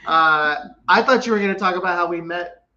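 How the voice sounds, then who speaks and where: A man with a bright, slightly high voice, co-hosting a casual chat. He jokes and teases his partner while telling anecdotes. The audio sounds dull and lo-fi. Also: a little hiss or hum. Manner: jokey, quick to tease his co-host. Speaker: co-host.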